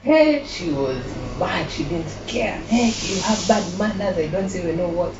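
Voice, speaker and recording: A young woman with a Kenyan accent tells a personal story as an interview guest, animated and quick to laugh. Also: on the low side. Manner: animated, laughing, mixing in Swahili phrases. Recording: muffled with clear background noise.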